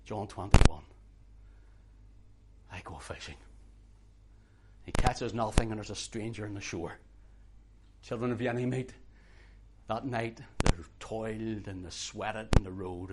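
A man preaching a sermon with passion, moving from hushed, quiet passages to loud, urgent outbursts. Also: lowish voice, fairly even intonation, normal speed, very noisy. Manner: impassioned, swings from hushed to shouting.

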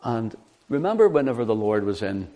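A man with a lowish voice preaches a sermon a little fast, teaching from the Bible animatedly and often posing rhetorical questions to listeners.

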